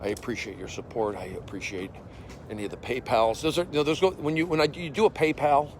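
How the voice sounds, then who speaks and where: A man in his forties, a comedian livestreaming from his phone while walking outdoors. He speaks in casual chat, reads viewer comments aloud, and coughs and clears an irritated throat. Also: mid-range voice, fast talker, noisy background. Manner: animated, jumping from loud bursts to mumbled asides.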